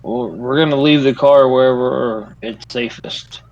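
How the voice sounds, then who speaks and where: A man playing a survival game with a friend, calmly talking through driving and looting. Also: medium pitch, a little slow, dull audio, a little hiss or hum. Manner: easygoing, directs the action. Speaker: gaming teammate. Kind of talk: casual gaming chat.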